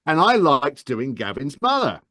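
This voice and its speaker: Man, audiobook narrator guest. Enthusiastic, rambling, lively intonation, dry close mic. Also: fairly high pitch, a little slow, no room sound. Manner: enthusiastic, rambling advice with many restarts. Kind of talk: casual interview chat.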